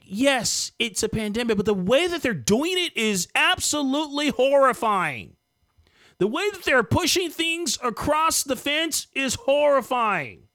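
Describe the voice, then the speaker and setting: A high-pitched, very animated voice delivers heated political commentary at an unhurried pace, with a sharp tone. The host sounds indignant and emphatic, mocking opponents in quoted voices. The sound is clean studio audio with no room sound.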